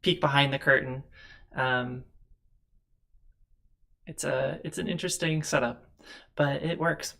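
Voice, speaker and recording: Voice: mid-range voice, fairly even intonation, a little slow, creaky, pauses often, a bit bright. A host of a streamed tabletop game show, chatting casually and rambling with frequent laughs, from a home setup with two monitors. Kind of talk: casual chat on a live stream.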